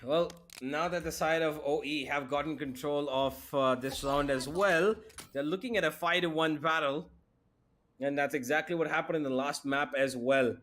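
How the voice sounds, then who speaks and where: A man calls a live esports match in brisk, steady play-by-play. His voice sits fairly high. A faint noise runs under it. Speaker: esports caster.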